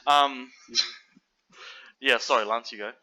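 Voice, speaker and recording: A man co-hosting a casual film podcast, loose and full of fillers. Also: slow. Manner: loose and animated, many fillers, jumps high when mocking. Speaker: podcast co-host. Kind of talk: casual chat about films. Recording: dull lo-fi audio.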